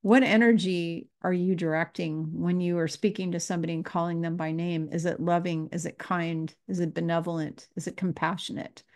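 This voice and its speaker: A woman's voice: lowish voice, steady tone, a little fast, hardly any pauses, a little mellow. A woman spiritual teacher talking to her viewers, earnest and repeating her questions. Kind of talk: casual spiritual talk to camera.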